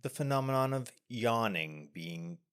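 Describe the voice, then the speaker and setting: A man's voice: mid-range voice, animated, measured pace, a bit bright, clear, resonant tone. A man co-hosting a podcast, walking through a film scene by scene in a loose, rambling way with restarts. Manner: explains at length with many restarts and fillers. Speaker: podcast co-host. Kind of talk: casual film discussion.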